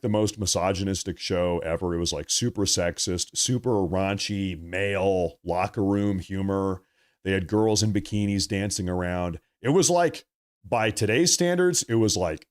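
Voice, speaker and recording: A man's voice: on the low side, a little mellow. A young man hosting a live political stream, ranting in a heated, rambling way and reading from the chat. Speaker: political livestream host.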